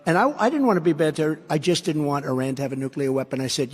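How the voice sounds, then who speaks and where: A man's voice: a little high, fast talker, few pauses, breathy edge. A man giving a campaign rally speech as a political candidate, emphatic and repetitive, with rambling asides. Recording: long hall reverb.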